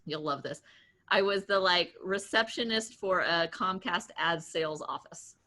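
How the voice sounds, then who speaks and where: A woman in her late thirties, a guest entrepreneur in an interview, telling stories in a chatty, animated way with lots of laughs, fillers and restarts. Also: on the low side, a little slow. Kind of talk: casual interview storytelling.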